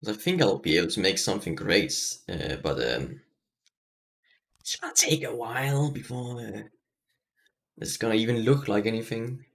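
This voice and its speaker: A man's voice: on the low side, expressive, normal speed, gravelly, pauses often. A man thinking aloud while building in a game, mumbling and self-deprecating, in casual gameplay commentary. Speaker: streamer.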